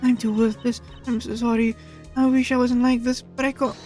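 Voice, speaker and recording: A player voicing a timid, self-blaming young woman on trial, in a high, small, apologetic voice for a fan visual novel. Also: level tone, moderate pace, darkish tone, soft background music, close to an everyday voice. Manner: meek, tearful pleading.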